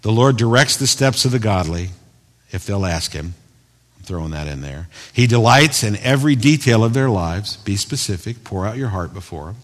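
Male pastor, animated sermon delivery, loud peaks and soft asides, reverberant hall. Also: on the low side, moderate pace. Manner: animated preaching, swinging from loud emphatic bursts to quiet asides.

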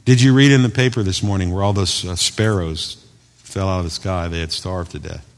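A man preaching a sermon as pastor, swinging from loud emphatic bursts to quiet asides. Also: deep voice, steady tone, fairly quick. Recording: long hall reverb.

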